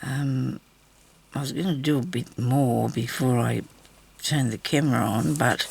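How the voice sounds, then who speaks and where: Gravelly woman chatting while sewing. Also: very deep voice, unhurried, a little mellow. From Australia. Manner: rambling, chatty, talks to herself while sewing. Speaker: craft vlogger. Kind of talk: casual crafting vlog chat. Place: indoor room at home. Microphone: camera mic, very close.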